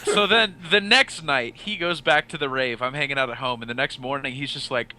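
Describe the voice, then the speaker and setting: Bright-voiced man telling a story. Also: mid-range voice, brisk, few pauses, slight background noise. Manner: animated anecdote telling with quoted voices. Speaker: podcast host. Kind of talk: casual podcast storytelling.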